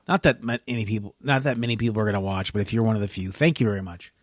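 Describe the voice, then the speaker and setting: Casting: man, low pitch, dry close sound, annoyed solo podcaster who keeps losing his thread. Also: fairly even intonation, quick pace, few pauses, no echo. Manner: frustrated, rambling, self-interrupting. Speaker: podcast host.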